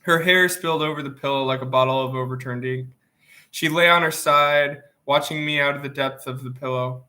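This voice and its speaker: Guy reading a novel out loud, bright voice, steady, bit sniffly from allergies. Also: mid-range voice, a little fast. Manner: plain, steady first-person narration. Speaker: audiobook reader.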